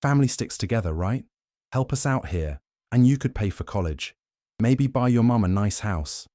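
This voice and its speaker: Guy doing scruffy thin photographer, wheedling and pushy, higher voice. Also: animated, normal speed, warm tone, no echo, studio quality, lightly acted.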